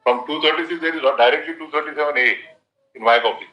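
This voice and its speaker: A man with an Indian English accent presiding as a judge, brisk and directive as he interrupts counsel. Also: on the high side, highs cut off. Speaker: judge on the bench. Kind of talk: courtroom exchange. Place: courtroom. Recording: echoey courtroom audio.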